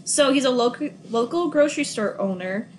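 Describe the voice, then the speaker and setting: A young woman from Minnesota co-hosts a casual podcast, recapping a film and laughing often. Her voice sits fairly high and swings widely in pitch, and she swears freely. A faint noise floor runs under the recording. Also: expressive, moderate pace. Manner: giggly, swears casually, bursts into loud laughs. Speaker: podcast co-host.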